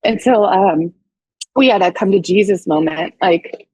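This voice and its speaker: A woman in her thirties, a doctor sharing her story as a podcast guest, with a husky, slightly breathy voice. She talks candidly and animatedly, jumping into the voices of people she quotes. The sound is dry and close. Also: mid-range voice, a little slow, no room sound, poor audio. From St. Louis, USA. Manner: animated, acts out quoted dialogue with swearing and laughs.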